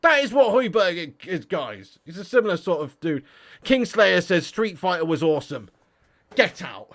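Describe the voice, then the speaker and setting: A man's voice: sits high, moderate pace. A man hosting a football fan livestream, ranting and swearing in casual chat while answering viewer comments. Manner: ranting, swearing, animated banter. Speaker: football fan channel host.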